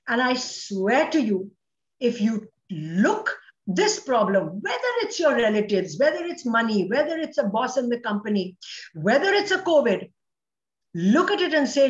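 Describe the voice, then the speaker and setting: A woman's voice: a little high, echoey room, highs cut off. A woman with an Indian English accent giving a motivational talk as a guest speaker, speaking emphatically and dramatically and dropping in Hindi phrases.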